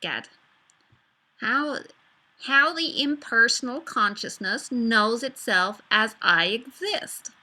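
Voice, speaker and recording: A woman putting on the voice of an excited, gushing Californian woman during a live online talk. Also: fairly high pitch, drawn-out words, long pauses, full character voice. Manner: breathless, gushing.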